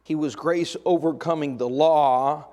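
A middle-aged male pastor preaching a sermon, moving between hushed, intimate lines and raised, emphatic points, with folksy humorous asides. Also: on the high side, steady tone, unhurried.

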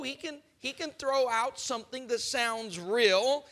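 A male preacher delivers a sermon with emphatic, pointed delivery. He keeps putting rhetorical questions to his listeners. His voice sits high and rings very bright and forceful. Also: animated, a little slow, few pauses.

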